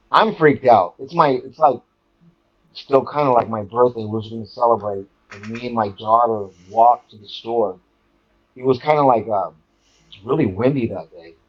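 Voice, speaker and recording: A man talking casually as an interview guest, recounting his experiences and acting out quotes with sudden jumps in pitch. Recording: dull lo-fi audio.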